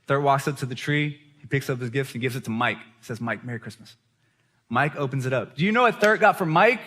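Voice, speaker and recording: Man, preacher, storytelling sermon, bright tense voice, fairly high, animated, laughs as he talks. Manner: animated, laughs while telling stories. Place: church gathering hall.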